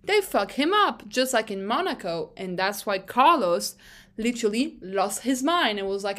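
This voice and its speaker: Animated, opinionated young woman podcaster. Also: on the high side, moderate pace. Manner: animated, opinionated, swears freely. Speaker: podcast host. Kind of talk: casual solo podcast monologue.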